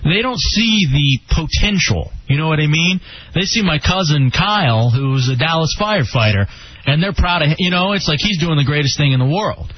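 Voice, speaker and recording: A man's voice: a little high, expressive, moderate pace, slight background noise. A man hosting a casual radio show, joking and laughing often and mocking himself. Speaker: radio host. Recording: dull lo-fi radio recording.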